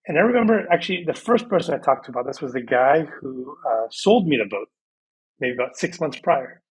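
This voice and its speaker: A man in his thirties speaks as a podcast guest over a video call. He tells his story in a lively, casual way and acts out past conversations. His voice is husky and sits a little high for a man. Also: brisk, poor audio.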